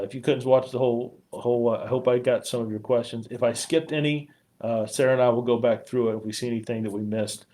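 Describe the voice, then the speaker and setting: A man, a police chief, talking warmly and haltingly on a live community stream, choked up at times and full of fillers. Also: mid-range voice. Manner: heartfelt, rambling, frequent fillers. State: choked up with emotion.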